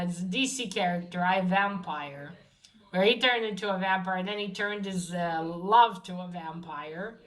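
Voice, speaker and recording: A woman's voice: medium pitch, fairly bright tone, poor audio. Casual, profane woman reviewing a comic. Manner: casual and profane, with frequent fillers and restarts.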